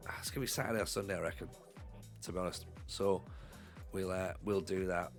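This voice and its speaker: A man's voice: deep voice, fairly even intonation, fairly quick, creaky, faint music behind. A man with a Northeast English accent, streaming live as he plays a football management game, rambling and joking about himself while nursing a cold. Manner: rambling, joking, self-deprecating. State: has a cold. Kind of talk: casual live-stream commentary.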